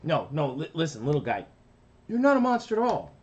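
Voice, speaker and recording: A man's voice: on the high side, huge pitch swings, brisk, a little mellow, dull audio, pitched above the performer's own voice. A man voicing an exasperated young big brother in a cartoon, patient but fed up. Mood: reassuring. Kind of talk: reading a cartoon script aloud.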